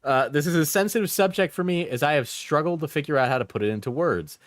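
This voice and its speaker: A man's voice: on the high side, animated, quick pace, dry recording. A man streaming from home, casually reading posts aloud and tossing in offhand asides. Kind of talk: casual live-stream commentary.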